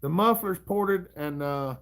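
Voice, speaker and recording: Reading viewer comments on his laid-back livestream, a middle-aged Southern American man drawls and chuckles in a homespun manner. He speaks a bit slowly in a high-pitched, somewhat bright voice.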